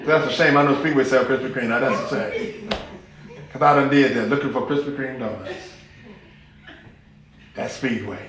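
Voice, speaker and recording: A man's voice: mid-range voice, moderate pace, long pauses, heavy reverb, crowd noise. A man preaching a sermon as pastor, folksy and humorous, with rising exclamations.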